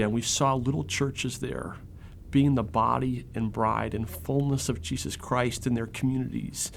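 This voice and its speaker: Middle-aged man, ministry director, earnest interview testimony, gravelly mid-range voice, faint noise. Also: medium pitch. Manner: earnest, emphatic, with repeated restarts. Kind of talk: interview answer, personal testimony.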